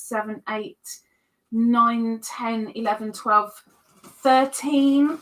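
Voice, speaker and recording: A woman hosting a livestream, chatting casually and reading out viewer comments in a rambling way. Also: a little high. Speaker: livestream host.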